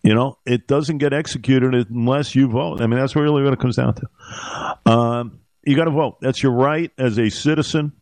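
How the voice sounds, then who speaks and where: A man hosting a talk radio show, speaking haltingly with many fillers and growing heated on politics. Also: medium pitch, steady tone, a little mellow, no room sound. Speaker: radio host.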